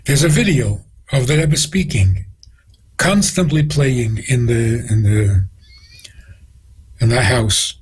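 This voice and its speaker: A man's voice: mid-range voice, slow pace, long pauses, slightly rough, low-quality recording. A rabbi, a man, tells stories with quoted dialogue as a guest on a radio interview. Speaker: rabbi answering questions as a guest.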